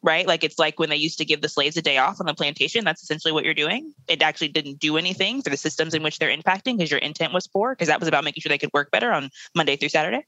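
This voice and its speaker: Bright, emphatic young woman. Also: low voice, rapid-fire, few pauses, no echo, poor audio. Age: 20s. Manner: emphatic and blunt, with laughter. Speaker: guest, educator. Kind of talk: podcast interview.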